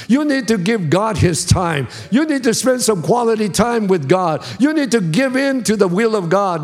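A man's voice: high voice, expressive, normal speed, few pauses. A man preaching as a pastor, in an emphatic style with a lot of repetition. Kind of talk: sermon.

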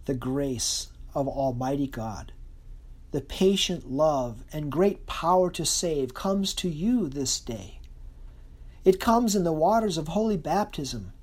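A preacher delivering a sermon in an earnest, expressive way, slowing and softening for emphasis. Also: mid-range voice, breathy edge.

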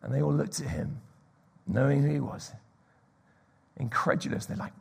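A man preaching a sermon, telling stories and dropping to a hushed whisper for emphasis. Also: medium pitch, animated, normal speed, creaky, pauses often, husky.

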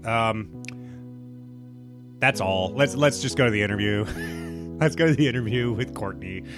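A man's voice: lowish voice, normal speed, over music. A man hosting a podcast, talking casually in a rambling, profane, self-mocking way. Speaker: podcast host.

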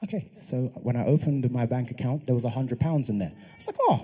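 A young adult man preaching, telling a personal testimony in an animated way that builds to loud, impassioned preaching. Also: medium pitch, brisk, few pauses, breathy edge.

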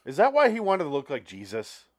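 A man's voice: fairly high pitch, huge pitch swings, fairly quick, dry recording. A man hosting a casual podcast conversation, recorded dry and close. He talks bluntly and jokes a lot, swearing freely as he rants. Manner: blunt, profane, joking. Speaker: podcast host. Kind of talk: casual chat.

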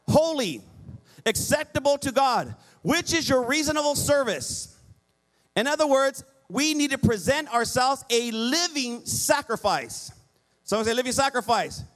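A man's voice: very high-pitched, lively intonation, a little slow, fairly bright tone. A middle-aged man preaching a sermon as pastor, pleading with the congregation and calling for responses.

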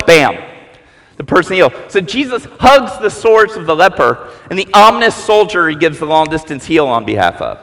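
A male preacher giving a sermon as animated storytelling, acting out the voices of the people in his story. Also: a little high, normal speed. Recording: long reverb in a large hall.

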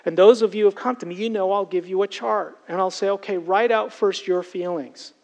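A man's voice: high-pitched, fairly even intonation, brisk, vocal fry, a little mellow, poor audio. A man preaching a sermon as pastor, earnest and emphatic, often turning to address his congregation directly.

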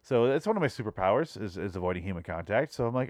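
A man's voice: fairly low pitch, very animated, fast talker, a little mellow, no echo. Rambling, profane man telling a story. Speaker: podcast host. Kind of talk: casual comedic storytelling.

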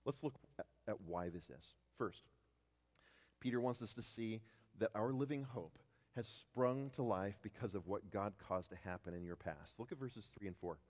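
A man preaching a sermon as pastor, often repeating words as he restarts, rising to loud declarations and dropping to hushed tones. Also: fairly low pitch, lively intonation, moderate pace, in a large hall.

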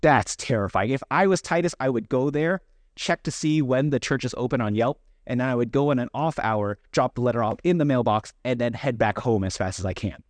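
A pastor delivers a sermon in a conversational, self-deprecating way, frequently acting out what people say. His mid-range voice goes a little fast, and the recording is dry.

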